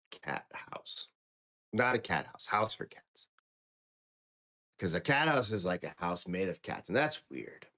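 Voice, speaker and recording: A man in a role-playing game, telling a bedtime story in a halting, rambling way full of fillers. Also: on the low side, a bit bright. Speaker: player.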